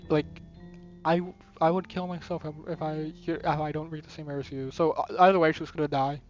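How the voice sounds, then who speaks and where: A man commentating a game playthrough with excitable, jumpy reactions, heard in a dull, lo-fi recording. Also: a little high, brisk, faint music behind. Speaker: gameplay commentator. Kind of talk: let's play commentary.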